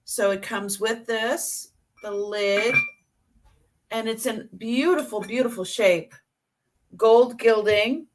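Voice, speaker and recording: Woman, somewhat high voice, unhurried, chatty, detailed item descriptions, live stream. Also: background noise. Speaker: reseller presenting items. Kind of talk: casual live-stream selling.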